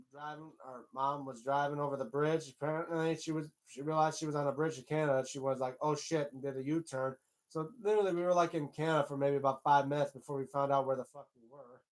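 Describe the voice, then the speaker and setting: A man hosting his own livestream, chatting loosely and rambling, with casual swearing. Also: fairly high pitch. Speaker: livestream host.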